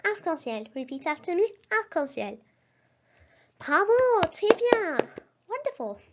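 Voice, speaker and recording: A woman with a high, light voice leads a vocabulary lesson at an unhurried pace. She pronounces each word carefully and encourages the listener to repeat after her. The recording sounds a little dull and lo-fi. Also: very animated, heavy background noise. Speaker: language teacher.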